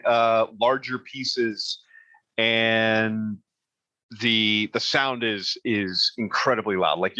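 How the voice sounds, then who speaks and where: A man narrating as game master in a casual, halting way with many fillers and restarts. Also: fairly low pitch, bright, forceful tone, no room sound.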